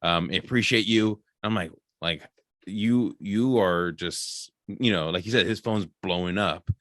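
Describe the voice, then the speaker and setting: A man's voice: low-pitched, unhurried, dry recording, studio quality. A man hosting a podcast, chatting enthusiastically in a rambling way with many fillers. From American Midwest. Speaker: podcast host. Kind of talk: casual interview chat.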